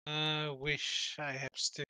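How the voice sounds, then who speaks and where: A man chatting in a casual multiplayer game, giving short replies and quick explanations. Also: on the high side, completely flat delivery, pushed and bright, clean tone, no room sound. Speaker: player. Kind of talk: casual multiplayer chat while gaming.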